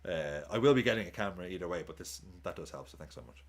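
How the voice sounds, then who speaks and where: A man's voice: deep voice, lively intonation, racing. A man streaming a live football watchalong, chatting casually, swearing, cheering goals and thanking viewers for tips.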